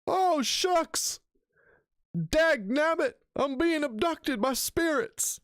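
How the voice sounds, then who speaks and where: Man doing a shrill, hammy voice of a panicky country guy snatched by ghosts. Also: lively intonation, takes it slowly, a bit bright, no room sound, studio quality, full character voice. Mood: mock panic. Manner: squealing, exaggerated mock panic. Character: panicky folksy man being dragged off by spirits.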